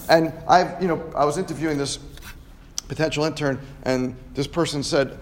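A man who hosts a podcast and works as a chiropractor gives students an emphatic motivational talk, ending many phrases with "right?". His voice is fairly high-pitched and moves at normal speed.

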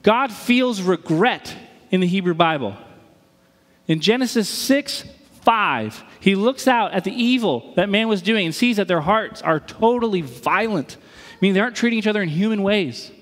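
A man's voice: sits high, lively intonation, normal speed, a bit bright, in a large hall. A man preaching a sermon in a casual, joking way, with sudden emphatic bursts. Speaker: pastor.

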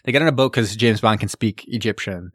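A man's voice: fairly low pitch, brisk, no echo, studio quality. A man in casual chat, rambling through a film recap with lots of fillers and mock quotes.

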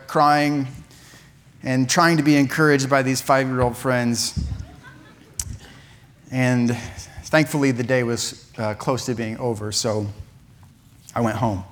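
A man preaching, telling a funny childhood story with lively asides and laughter. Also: medium pitch. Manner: animated, laughing at his own story. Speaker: pastor. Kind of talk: sermon storytelling. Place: church sanctuary.

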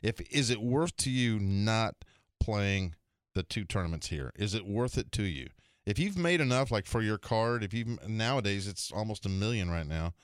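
A man on a radio golf show spinning a story, lively and acting out the voices of the people in it. His voice sits a little low, and the studio sound is dry and close. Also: moderate pace, clear, resonant tone, no room sound. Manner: animated storyteller doing character voices. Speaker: golf radio show regular, tour pro. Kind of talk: casual storytelling chat.

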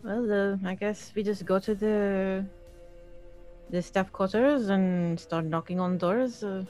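A woman playing a tabletop game, talking haltingly with many fillers. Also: mid-range voice, steady tone, mellow, soft background music. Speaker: player. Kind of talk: tabletop role-play chat.

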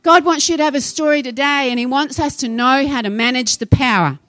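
A woman's voice: sits high, fairly quick, a bit bright, no room sound, faint music behind. A woman preaching a sermon, fervent and exhorting, rising into urgent appeals to her congregation.

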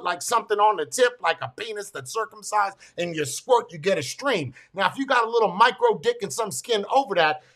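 A man ranting through a casual, profane story, excitable and full of stumbling restarts. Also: high voice. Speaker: military veteran telling a story.

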